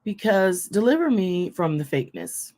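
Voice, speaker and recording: Loud, fast-talking forthright woman. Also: mid-range voice, sing-song. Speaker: host. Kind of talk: casual faith talk, preaching to camera.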